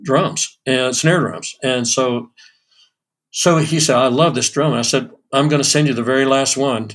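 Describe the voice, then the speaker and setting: Guest, 60s male drummer, rambling anecdotal delivery, mid pitch. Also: measured pace, faint music behind. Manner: animated anecdotes with many restarts and fillers. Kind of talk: storytelling in a podcast interview.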